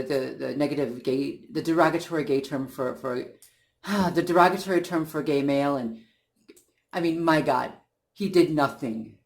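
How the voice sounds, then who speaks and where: A man talking in a casual monologue, earnest and indignant, often restarting his sentences as he works through his point. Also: mid-range voice. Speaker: channel host.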